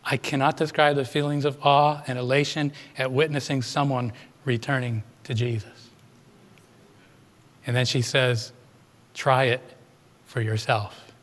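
A man's voice: mid-range voice, flat delivery, moderate pace. A man preaching a sermon, retelling a congregant's story and putting questions to his listeners. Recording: long hall reverb.

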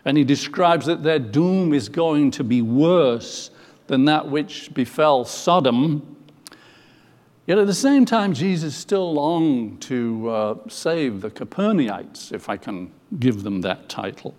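A man's voice: on the high side, expressive, takes it slowly, darkish tone, long reverb tail. A man preaching a sermon, explaining scripture with emphatic quotations and some hesitant fillers.

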